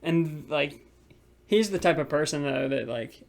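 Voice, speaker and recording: A man's voice: a little high, lively intonation, a little slow, vocal fry, darkish tone. A young man co-hosting a podcast, telling a frustrated story about work in a rambling, casual way full of filler words. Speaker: podcast co-host.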